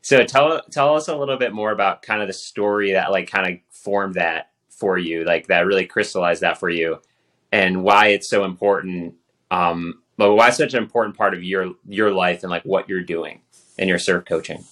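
Host: man with a lowish, bright voice, loose, rambling questions. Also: normal speed. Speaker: podcast host. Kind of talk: interview questions.

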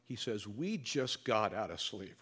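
A man preaching as pastor, teaching verse by verse with wry humor and dramatic pauses. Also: on the low side, big pitch swings, fairly bright tone, breathy edge. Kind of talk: expository sermon.

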